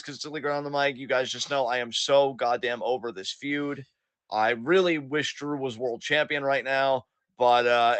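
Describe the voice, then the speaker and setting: Bright-voiced sarcastic wrestling podcaster. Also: male voice, mid-range voice, dry recording. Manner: profane, sarcastic, acts out quotes. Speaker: podcast co-host. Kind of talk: casual wrestling recap chat.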